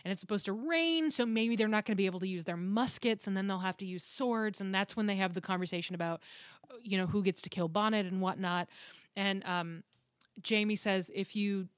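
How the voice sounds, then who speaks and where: A woman in casual podcast chat, retelling a story with lots of laughter and the odd swear word. Her voice sits at a middling pitch. It is recorded dry and close, with no room sound. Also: fairly quick, no room sound. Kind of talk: casual book recap chat.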